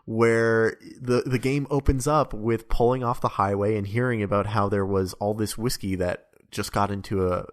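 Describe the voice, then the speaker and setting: A man's voice: fairly low pitch, steady tone, normal speed, hardly any pauses. A man talking casually about a video game on a podcast, rambling and hesitant with many ums. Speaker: podcast co-host or guest.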